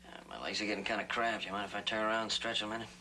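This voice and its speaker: An actor playing a calm captive cowboy hero who talks in a dry, easygoing, gently needling way, in an old TV western. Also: male voice, on the low side, very fast, slight background noise, low-quality recording. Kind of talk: 1960s TV western acting.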